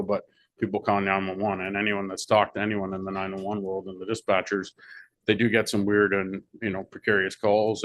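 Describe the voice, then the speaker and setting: Flat-voiced fire chief briefing council. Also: male voice, low-pitched, no room sound. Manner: measured, explanatory, with frequent fillers. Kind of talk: council meeting remarks.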